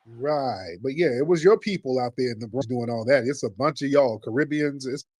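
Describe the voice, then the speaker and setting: A man's voice: medium pitch, brisk, a little mellow, no echo. A man hosting an online talk show in a laid-back, exasperated way. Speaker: host.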